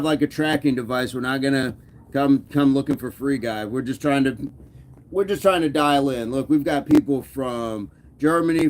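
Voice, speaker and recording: A man with a fairly high, slightly mellow voice hosts a fitness stream, joking around with viewers and answering their chat messages in teasing banter. Slight background noise can be heard.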